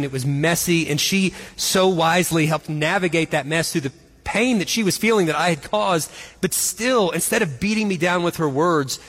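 A man's voice: a little high, a bit bright, in a large hall. A man in his forties telling a self-mocking story, then speaking earnestly as co-host of a Christian marriage session. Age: 40s. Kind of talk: storytelling and encouragement talk.

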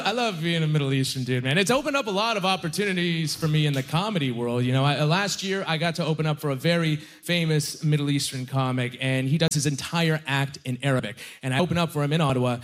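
A man from Nova Scotia doing stand-up on a comedy stage, speaking in a voice that sits a little high for a man. He talks into a handheld mic in an animated, joking way and peppers his lines with "like" and "you know.". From Halifax, Nova Scotia, Canada. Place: comedy stage before a live audience.

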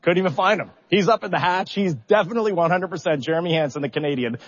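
A middle-aged man, a spacecraft commander, telling stories in a public interview, animated and self-deprecating, acting out his own reactions and at times holding back tears. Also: high voice, quick pace, highs cut off.

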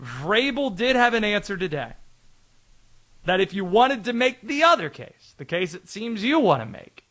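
Brief: high male sports-show co-host, playful debater. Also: big pitch swings, moderate pace, fairly bright tone.

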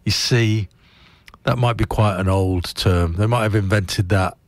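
A man's voice: lowish voice, a little slow, no room sound. A man hosting a radio breakfast show, chatting casually and rambling in a self-deprecating way. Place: radio studio. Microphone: close studio mic.

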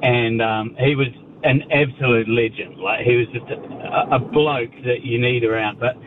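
A man's voice: mid-range voice, normal speed. A man calling in to a radio show, telling a story and acting out the quotes. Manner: animated storyteller, acts out quotes. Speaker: caller. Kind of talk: phone-in storytelling. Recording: dull phone line with noise.

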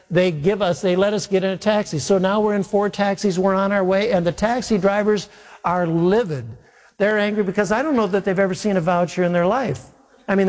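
A man preaching as a pastor, telling a long story with humor and acting out the dialogue himself. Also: high-pitched. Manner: animated, self-mocking storyteller acting out dialogue. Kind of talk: sermon storytelling. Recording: long hall reverb.

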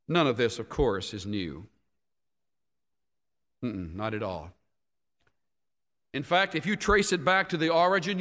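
A man delivers a sermon at an unhurried, deliberate pace, his fairly high voice rising and falling with lively emphasis. He drops to a near hush for effect. The sound carries a long reverb from a large hall. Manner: dramatic, emphatic preaching with sudden drops to a hush. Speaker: preacher.

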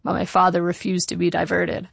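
Gravelly woman reading a memoir. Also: on the low side, little pitch movement, no echo, studio quality. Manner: measured, wry storytelling. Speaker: narrator. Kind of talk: reading a personal memoir aloud.

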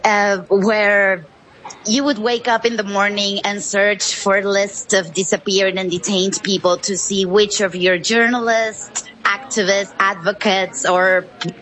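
A woman journalist from Venezuela answering interview questions in a measured, earnest way. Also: mid-range voice, steady tone, fairly bright tone, soft background music, rough recording. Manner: measured, earnest, with some fillers.

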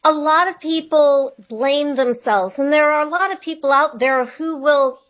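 A woman's voice: high voice, a bit bright. A middle-aged woman, a guest author and money coach, talking earnestly and reflectively in a radio interview. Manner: earnest, reflective, piling up questions.

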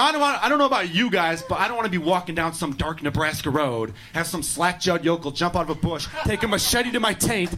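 High-voiced brash male stand-up comic. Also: background noise. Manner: brash, profane, mock-outraged rants. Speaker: stand-up comedian. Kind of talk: stand-up set. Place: comedy club stage.

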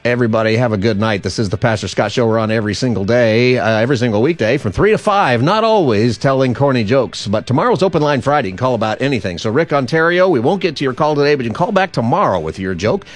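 A man's voice: mid-range voice, animated, quick pace, hardly any pauses, faint music behind. A man hosting a live call-in radio show, jovial and telling jokes.

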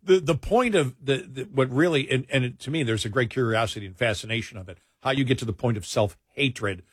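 An older man from New York hosting late-night talk radio, animated and mocking as he talks. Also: medium pitch, a little fast, breathy edge, no room sound, studio quality. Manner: animated, mocking impressions in asides.

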